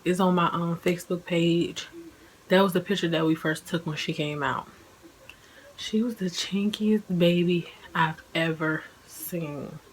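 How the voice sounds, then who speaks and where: A woman's voice: on the low side, a little hiss or hum, rough recording. A woman in her twenties, a vlogger chatting casually about her own experience, saying "like" often and laughing as she talks. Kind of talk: casual personal storytelling.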